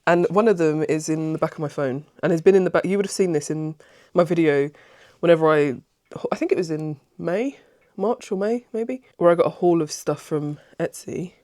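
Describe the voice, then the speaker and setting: A woman's voice: low-pitched, moderate pace, darkish tone, no room sound. Rambling, emotional woman vlogger, dry sound. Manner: rambling and self-interrupting; emotional and easily moved. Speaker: craft vlogger. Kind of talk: casual chat.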